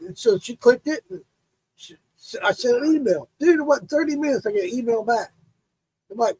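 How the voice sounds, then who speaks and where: Guy spinning a cussing yarn, husky voice, dry close sound, jumps all over in pitch. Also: animated, a little fast, darkish tone, dry recording, rough recording. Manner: profane, laughing storyteller, acts out quotes. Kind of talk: casual storytelling chat.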